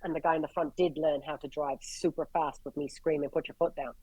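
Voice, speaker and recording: An Irish woman from Ireland, a paramedic guest, telling stories in an animated, blunt way, swearing freely and acting out the people she quotes. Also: deep voice, fairly quick, breathy edge, no room sound, rough recording. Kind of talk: casual storytelling.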